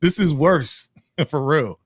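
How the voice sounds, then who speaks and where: A laid-back man hosting a casual chat about a TV show, slangy and quick to laugh. His voice sits a little high for a man, and the recording is dry and close. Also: expressive, husky, no room sound. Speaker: channel host.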